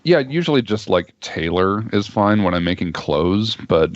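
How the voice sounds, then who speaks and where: A man's voice: sits low, expressive, normal speed, dull audio. A man chatting casually as a guest on a livestream, joking and self-deprecating. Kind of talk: casual chat.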